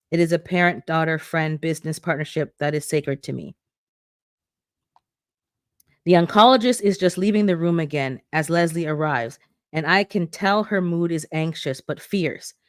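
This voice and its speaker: A channel host reading a memoir aloud for an online book club, unhurried, with an occasional slip and self-correction. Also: medium pitch, no echo, clean studio sound.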